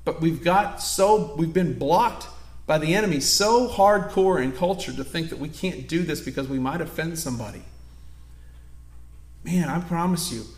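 Preacher guy, high bright voice, lively storytelling sermon in an echoey church. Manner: animated storytelling, acting out scenes. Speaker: pastor. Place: church sanctuary.

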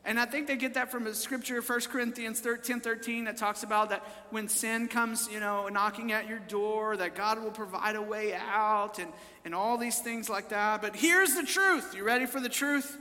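Man, pastor, sermon, very high voice, sharp bright tone, call-and-response, church hall reverb. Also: moderate pace. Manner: call-and-response preaching, repeating phrases, rising to shouts. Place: church service.

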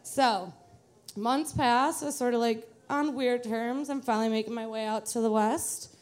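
A woman's voice: fairly high pitch, measured pace. A young adult woman from the Detroit area, telling a live personal story to an audience in a chatty, self-mocking way. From Metro Detroit, USA.

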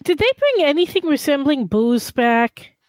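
A woman's voice: high-pitched, sing-song, a little slow, dry recording. A woman playing a tabletop game, making wry remarks. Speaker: player.

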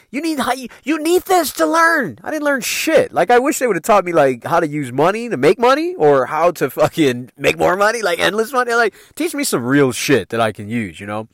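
A man hosting a podcast, spinning childhood stories in a lively, swooping voice with plenty of cursing and slang. His voice sits a bit high for a man. The sound is dry and close, with no room around it. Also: no room sound. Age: adult parent. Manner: profane, animated, loose street slang. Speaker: podcast host. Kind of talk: casual storytelling.

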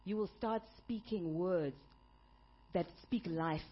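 A woman's voice: lowish voice, slow, slightly rough, lo-fi sound. A woman pastor preaching a sermon, telling a story with playful humor before moving into teaching. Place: church service.

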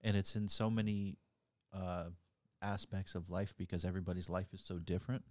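A man's voice: sits low, steady tone, fairly quick, a little mellow, dry recording, studio quality. A man co-hosting a podcast, talking in a laid-back, thoughtful, agreeable way. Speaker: podcast co-host. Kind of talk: casual reflective chat.

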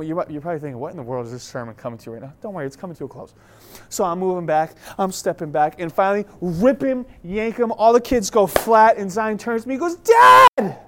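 A young male pastor delivers a sermon as an animated storyteller, acting out scenes with playful energy. He sounds a little out of breath as he talks. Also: sits high, slight background noise.

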